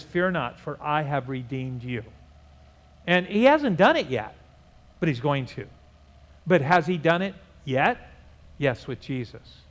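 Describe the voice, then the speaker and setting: Older male pastor, emphatic sermon delivery, slightly high voice, reverberant hall. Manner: emphatic preaching, repeats words, asks congregation to repeat.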